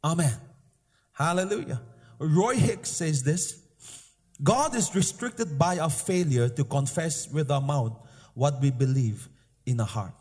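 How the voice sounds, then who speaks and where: A man's voice: fairly high pitch, animated, unhurried, darkish tone, husky. A man preaching a sermon with emphatic, repeated declarations and calls for the congregation to respond. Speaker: pastor. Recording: live sermon in an echoing hall with faint music.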